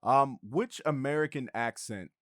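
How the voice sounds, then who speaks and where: A young man talking casually as a podcast guest, animated and quick to laugh, often restarting his sentences. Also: mid-range voice, dry recording, studio quality.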